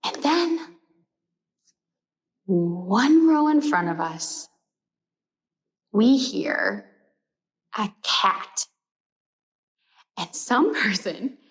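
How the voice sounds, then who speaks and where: A young adult woman casually telling a personal story, animated, with lots of "like" fillers and dropping to a whisper for the gross parts. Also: sits high. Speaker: sewing pattern company storyteller.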